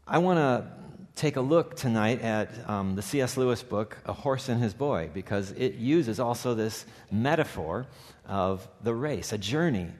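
A man preaching a sermon, praying softly and reading a story aloud, rising to urgent, emphatic peaks. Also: mid-range voice, animated, a little slow. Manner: soft hushed prayer voice. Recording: long hall reverb.

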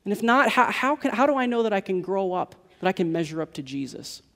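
High-voiced man preaching a sermon. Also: big pitch swings, fast talker, gravelly, fairly bright tone, big-room sound. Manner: earnest, building to emphatic declarations. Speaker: pastor.

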